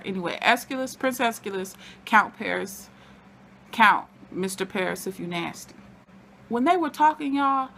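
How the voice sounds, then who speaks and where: A woman giving a casual, excitable TV episode recap from home, chatting to her viewers as y'all. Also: a little high, gravelly, a little hiss or hum. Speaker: TV recap vlogger.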